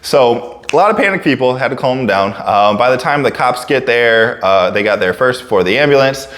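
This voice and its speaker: A man telling a personal story in a casual, relaxed way, stumbling over restarts and acting out other people's lines. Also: mid-range voice, a little fast. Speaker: fitness coach and storyteller.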